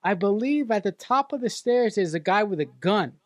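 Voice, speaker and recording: Excitable, swearing woman podcast co-host. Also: medium pitch, moderate pace, dry recording, clean studio sound. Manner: excitable, swears freely, stumbles and restarts. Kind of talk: casual film-review chat.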